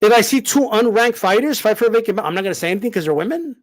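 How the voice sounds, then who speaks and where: A man's voice: sits high, lively intonation, racing. A man, a boxing commentator, ranting heatedly, full of swearing, with emphatic repeated "all right?" checks. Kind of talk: heated rant.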